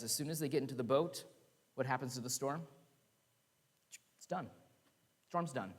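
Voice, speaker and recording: A man giving a conversational sermon with laughing asides, recorded in a church sanctuary. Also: mid-range voice. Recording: long church reverb.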